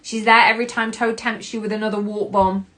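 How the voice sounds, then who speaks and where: A woman in her thirties talks through a self-help podcast episode with a middle-pitched voice. She is candid and expressive, swears casually and acts out her own past reactions. The tone is personal and unscripted. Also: a little fast. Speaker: podcast host.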